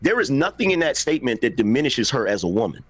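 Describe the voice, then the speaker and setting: A man's voice: mid-range voice, sing-song, fast, no echo. Insistent man defending his point, dry sound. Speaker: panel guest. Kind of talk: live panel debate.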